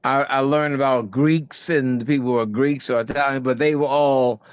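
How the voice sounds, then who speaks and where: Older man with a smooth, close-miked voice. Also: no echo. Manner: animated storyteller, voice jumping high for quoted asides; halting, many restarts and fillers. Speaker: actor and guest. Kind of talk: casual interview chat.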